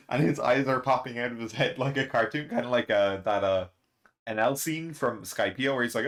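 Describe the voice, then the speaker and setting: A man hosting a casual reaction and review, excitable and rambling, laughing often between fillers. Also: mid-range voice, moderate pace. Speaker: manga reaction channel host.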